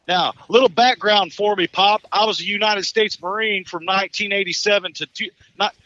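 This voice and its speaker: High-voiced profane man, animated storytelling. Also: normal speed, no room sound, muffled recording. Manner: profane, animated, stumbling restarts, laughs at his own story. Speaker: caller telling his divorce story. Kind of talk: casual storytelling on a live talk show.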